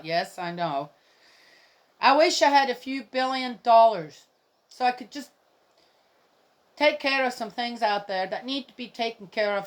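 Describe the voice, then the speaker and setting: A middle-aged woman gives casual, indignant commentary on a Bible reading, rambling and speaking straight to her viewers. Her voice is fairly high.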